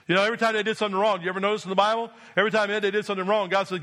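High, bright-voiced preacher man. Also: steady tone, rapid-fire. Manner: emphatic preaching with repeated call-and-response "Amen?". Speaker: pastor. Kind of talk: sermon.

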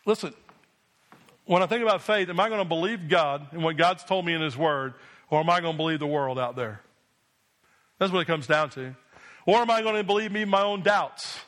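A male pastor delivering a sermon to his congregation, his voice pitched high for a man. He preaches with firm, emphatic repetition and keeps checking in with the room. The tone is bright and ringing. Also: fairly quick, pauses often. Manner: emphatic preaching with repeated call-and-response "Amen?".

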